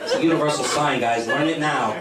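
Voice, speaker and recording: A middle-aged man doing a stand-up comedy set in a club, with a brash, punchy delivery and quick asides to the crowd. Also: mid-range voice. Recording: echoey club room, distant mic, crowd noise. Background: audience laughter.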